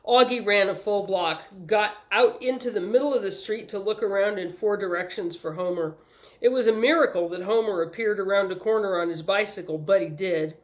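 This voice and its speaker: A woman narrating a novel chapter aloud in a calm, measured way. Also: medium pitch. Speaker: storyteller. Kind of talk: audiobook narration.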